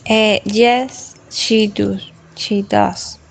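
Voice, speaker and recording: Gravelly, very slow-speaking woman student. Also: mid-range voice, steady tone. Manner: hesitant, halting answers. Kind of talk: answering in class.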